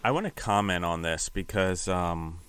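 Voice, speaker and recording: A male podcast host with a very deep, flat voice that still sounds bright and crisp. He rambles through his questions and leans on filler words. The recording is dry and close. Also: normal speed, no room sound. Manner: rambling, fills with "like". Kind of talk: casual interview.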